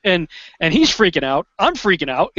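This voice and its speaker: A man guest in an interview, telling a story in an animated, excitable way, often restarting and acting out what he said in the moment. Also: high voice, normal speed. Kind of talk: conversational storytelling. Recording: dull lo-fi sound.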